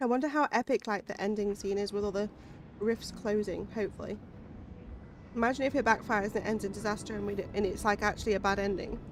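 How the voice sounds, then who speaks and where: A woman's voice: medium pitch, fairly even intonation, fast, slight background noise. A woman streamer chatting casually while playing a game, musing aloud between bites of food. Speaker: gaming streamer. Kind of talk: casual gameplay chat.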